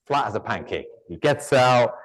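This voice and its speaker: A man's voice: medium pitch, animated, normal speed. Joking woodturning demonstrator, man. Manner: chatty, joking, rambling asides. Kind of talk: live workshop demonstration.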